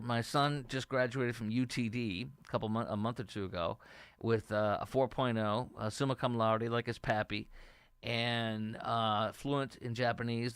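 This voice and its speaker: A man's voice: medium pitch, a bit bright, clear, resonant tone, no echo. A middle-aged man from Texas hosting a political talk show, giving opinionated, rambling commentary and reading viewer comments aloud.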